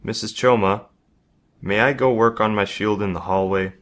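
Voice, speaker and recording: A man reading a story aloud, voicing a quiet, bullied schoolboy with his own low voice. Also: steady tone, moderate pace. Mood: polite. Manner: subdued, then defiant.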